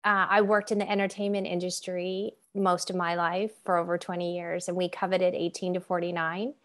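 A woman in her fifties hosting a podcast, telling stories in an animated way and laughing often. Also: on the low side, moderate pace. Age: 50s. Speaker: podcast host. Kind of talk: conversational interview.

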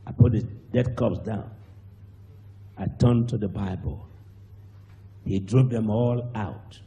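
Nigerian preacher guy, storytelling sermon, acts out the voices, shouts now and then, bit of background hiss. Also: fairly low pitch, slow. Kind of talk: sermon testimony.

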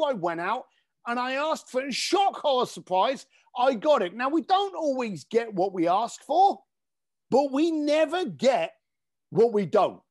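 A man telling an emphatic story as a podcast guest, animated and casually swearing. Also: extremely high pitch, dry recording, studio quality. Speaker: podcast guest, speaker and coach.

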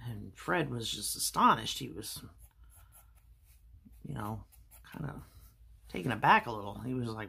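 A woman's voice: rumbling low, expressive, a little slow, gravelly, pauses often, a bit bright, breathy edge. A woman art vlogger chatting casually and rambling through a story while she draws. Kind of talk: casual chat while drawing.

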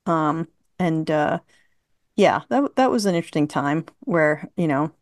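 A talkative woman in her fifties, a writer being interviewed, who tells long anecdotes full of fillers and restarts. Her voice sits a bit low. The sound is dry, with almost no room reflection. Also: lively intonation, a little slow, no echo. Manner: chatty storyteller, laughs often, many fillers. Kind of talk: casual conversation.

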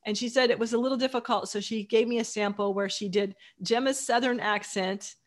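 A woman's voice: a little high, steady tone, fairly quick. A woman author as a guest, chatting casually and enthusiastically in long run-on sentences. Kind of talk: casual chat.

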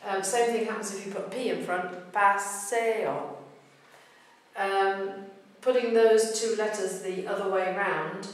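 A woman's voice: medium pitch, steady tone, measured pace, darkish tone, far from the mic. A woman teaching Spanish pronunciation at a whiteboard, explaining patiently step by step and saying example words aloud. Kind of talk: whiteboard lesson. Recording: echoey room, voice from off-mic.

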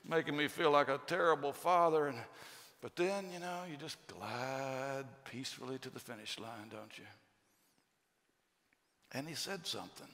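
Middle-aged pastor preaching, gravelly voice, chatty storytelling, big reverb from the church hall. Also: male voice, mid-range voice, fairly even intonation, normal speed, fairly bright tone. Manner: storytelling, conversational asides and rhetorical questions. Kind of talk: sermon. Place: church sanctuary.

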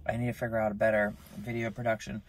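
A young man talking casually into his phone camera in a vlog, chatty and self-mocking, with his voice jumping up in pitch. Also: level tone, fast talker, a little hiss or hum. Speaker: vlogger. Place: in a car outside a store.

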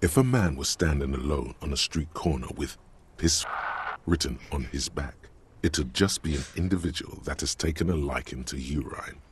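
A man giving scripted narration as the inner voice in a game, sardonic and measured. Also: very deep voice, slight background noise.

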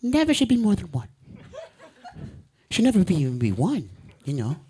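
A man doing stand-up in a put-on soft, timid little boy voice like a cuddly cartoon bear, meek and stammering, on a comedy club stage. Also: sits high, wildly swooping pitch, moderate pace, slight background noise. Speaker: stand-up comic. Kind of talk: stand-up set in a character voice.

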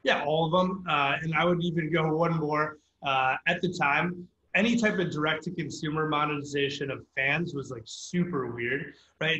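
A man telling a founding story in a casual interview, animated and full of filler words. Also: on the high side, echoey room, highs cut off. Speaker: startup founder guest.

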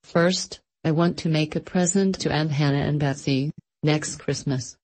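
A woman's voice: sits low, steady tone, measured pace, a little mellow. A woman reading aloud, voicing a timid, anxious scarecrow who pleads and sobs. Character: timid, anxious scarecrow boy, eager to be useful.

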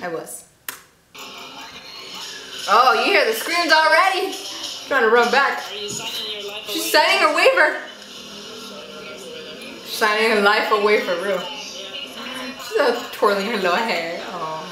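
A young woman giving casual reaction commentary, chatty and quick to exclaim and gasp. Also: fairly high pitch, lively intonation. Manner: chatty, exclaims and gasps often. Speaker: YouTube reactor. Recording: echoey room with faint noise.

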